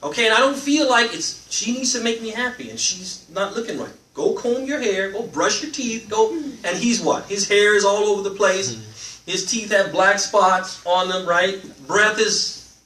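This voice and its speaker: A man teaching a live religious class, animated, often asking his listeners questions and letting them answer. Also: high voice, moderate pace. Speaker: Islamic teacher. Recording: roomy, from a distance, faint noise.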